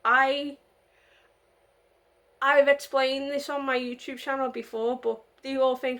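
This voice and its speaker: Young woman from the UK, high voice, casual vlogger, rambling and indignant. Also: little pitch movement, unhurried, fairly bright tone. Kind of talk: casual vlog monologue.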